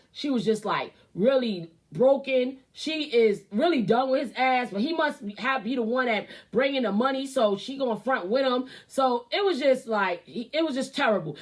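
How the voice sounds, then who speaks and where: Blunt, high-voiced woman host ranting. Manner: blunt, loud, swearing, animated. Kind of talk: profane opinion rant.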